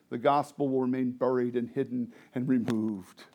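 A man preaching a sermon as pastor, moving between soft, confiding asides and loud, fervent preaching, often asking the congregation questions. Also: mid-range voice, fairly even intonation, normal speed, hardly any pauses. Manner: swings from quiet, intimate asides to loud, impassioned preaching.

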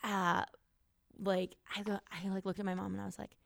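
A woman's voice: mid-range voice, flat delivery, fairly quick, creaky, no room sound, clean studio sound. A young woman from Wisconsin, co-hosting a podcast and telling a story in casual chat with many fillers. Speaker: podcast co-host. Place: small home studio. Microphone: good studio mic.

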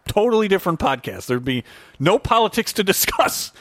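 A man co-hosts a podcast in casual film chat, animated and quick to laugh. His voice is bright and somewhat high. The recording is dry and close. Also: dry recording. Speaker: podcast co-host.

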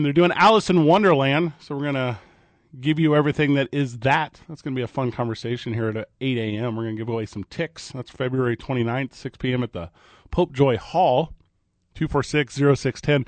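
A man hosting a morning sports talk radio show from a studio, bantering in a quick, joking way. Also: medium pitch, no echo. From American Midwest. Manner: animated, quick, joking delivery. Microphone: studio microphone.

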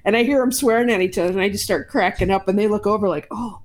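A woman co-hosting a podcast in casual chat, telling animated anecdotes. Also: mid-range voice, rapid-fire. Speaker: podcast co-host.

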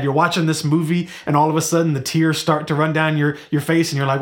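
A man in his thirties preaching a sermon in a conversational way, asking the audience questions and slowing down to stress key phrases. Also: fairly even intonation. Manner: conversational, rhetorical questions, drops to a low slow emphasis on key phrases. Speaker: pastor.

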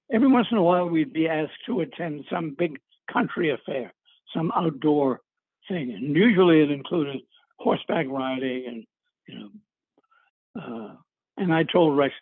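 A man's voice: on the high side, expressive, normal speed, pauses often, breathy edge, no room sound. An older man from New England, an actor, casually telling rambling stories with chuckles and filler words. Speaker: guest actor. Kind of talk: casual interview storytelling. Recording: tinny phone-line sound.

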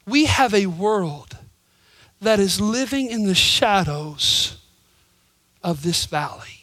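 A male pastor preaching a sermon, telling stories and swinging from loud emphasis to hushed whispers. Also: high-pitched, lively intonation, takes it slowly, no echo. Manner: storytelling with voices.

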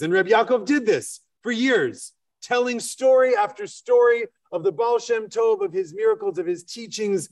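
A male rabbi tells a story in his sermon, lively and full of small fillers. His voice is fairly high. The mic picks him up from some distance. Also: moderate pace. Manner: animated, with fillers.

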